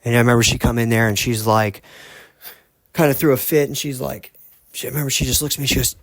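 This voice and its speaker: A man hosting a podcast, earnestly telling a personal story in a halting way, often restarting his sentences. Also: medium pitch, no echo. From United States. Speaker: podcast host.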